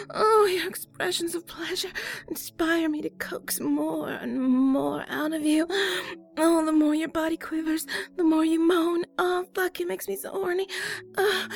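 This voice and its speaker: A woman's voice: very high-pitched, steady tone, unhurried, gravelly. A woman performing an intimate erotic audio role-play, moaning breathily and often dropping into whispers.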